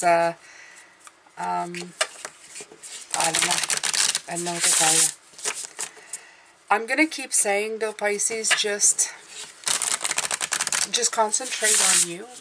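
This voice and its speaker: Slow gravelly lady doing a tarot reading, rambling and unsure, faint hiss behind. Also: lowish voice. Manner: slow, meandering, hesitant, thinking aloud. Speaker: tarot reader.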